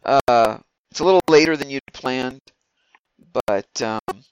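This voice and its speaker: A man's voice: medium pitch, a little slow, smooth, no room sound, rough recording. A man narrating as game master of a tabletop game, rambling with many fillers and restarts.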